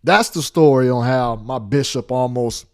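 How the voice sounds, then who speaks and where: A man's voice: normal speed, clear, resonant tone. A man telling a story in a casual monologue, repeating phrases for emphasis. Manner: animated, acts out quotes with big pitch jumps.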